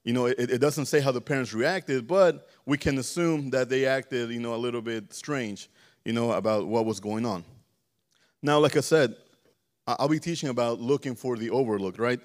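A man's voice: mid-range voice, normal speed. A man preaching a casual sermon in a church, often stammering, repeating words and checking in with the congregation. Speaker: preacher teaching a church service. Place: church sanctuary.

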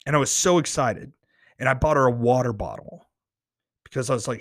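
A man shares a personal faith story, earnest and easily excited, tripping over his words and restarting lines as he gets worked up. His voice sits at an ordinary middle pitch. It is recorded close on a microphone with a dry sound. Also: a little fast, long pauses, no echo. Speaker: podcast host. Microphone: close studio microphone.

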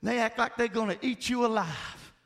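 A man preaching a sermon, emphatic and call-and-response, often shouting his points. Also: very high voice, normal speed, gravelly.

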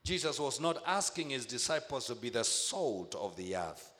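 A man preaching a sermon, emphatic, repeating phrases and slowing to stress key words. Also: medium pitch, very animated, a bit bright, big-room sound.

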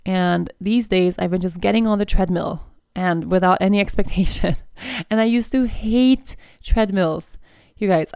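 A woman's voice: lowish voice, creaky, a little mellow, no room sound, studio quality. A woman hosting a podcast, talking candidly in a casual, chatty way with lots of filler words. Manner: chatty and candid, with frequent "like" and "you know". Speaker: podcast host. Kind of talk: casual personal chat.

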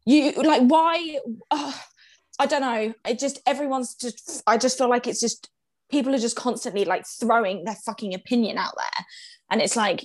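Young woman, candid and animated, frequent laughs, slightly high voice. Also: moderate pace. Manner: animated, swears freely, laughs often. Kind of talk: casual chat.

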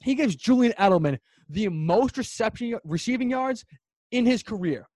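A man's voice: high voice, animated, moderate pace, darkish tone, dry recording. A man co-hosting a sports podcast in casual chat, emphatic and ranting, repeating his points for effect. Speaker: podcast co-host.

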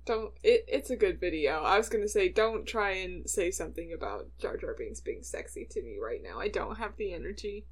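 Dry, deadpan young woman. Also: medium pitch, a little fast, few pauses. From northern United States. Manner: dry, deadpan, laughs easily. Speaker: podcast co-host. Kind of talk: casual chat.

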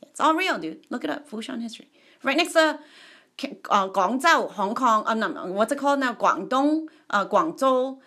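A woman casually retelling a movie, rambling and animated and adding her own sound effects. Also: a little high, moderate pace.

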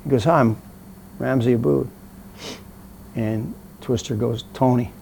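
Gravelly blunt man telling a story. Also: medium pitch, a little slow, a little hiss or hum. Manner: blunt, profane, animated anecdote teller. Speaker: interview guest. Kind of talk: casual storytelling.

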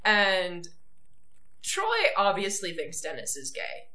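Bright-voiced woman hosting a podcast. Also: lowish voice, slow, roomy sound, slight background noise. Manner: enthusiastic, laughs often. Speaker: podcast host. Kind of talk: casual chat.

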